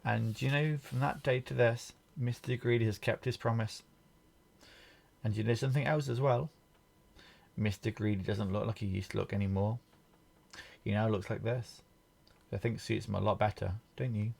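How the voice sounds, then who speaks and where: A man reading a children's picture book aloud in a gentle way, pointing out the pictures to the listener. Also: fairly low pitch, fairly even intonation, normal speed, vocal fry, long pauses. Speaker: storybook reader.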